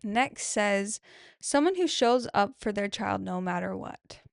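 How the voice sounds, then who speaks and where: A woman talks casually into a close mic, reading follower answers about motherhood and cheering each one on. Her voice has a gravelly, creaky edge, and she takes her time. The sound is dry and close. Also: medium pitch, expressive, unhurried, no room sound. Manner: warm-hearted, affirming, chatty with frequent "I love that". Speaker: mom podcaster reading follower replies. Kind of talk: casual solo chat.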